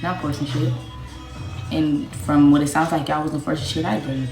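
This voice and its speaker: A woman's voice: low voice, level tone, moderate pace, a little mellow. Young woman streamer, ranting bluntly on a livestream, profane and defiant; recorded in an echoey room with faint music. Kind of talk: livestream rant.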